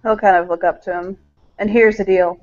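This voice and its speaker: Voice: medium pitch, steady tone, a little fast, a little mellow. Casual, wry tabletop game player. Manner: casual and wry, with a loose, conversational delivery. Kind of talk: narrating a character in a tabletop game. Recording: dull lo-fi recording.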